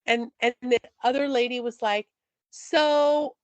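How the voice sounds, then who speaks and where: A woman co-hosting a casual podcast, playful and teasing as she chats. Her voice is high, and she fills her talk with "like." The sound is close and dry, with no room around it. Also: expressive, measured pace, a bit bright, no echo. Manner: playful, teasing, says "like" a lot. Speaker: podcast co-host. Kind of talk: casual chat.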